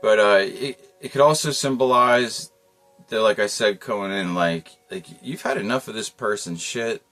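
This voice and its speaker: A man's voice: lowish voice, moderate pace, a bit bright, faint music behind. A man giving a casual tarot reading, talking in a loose, rambling way with lots of slang and frequent chuckles. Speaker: tarot reader.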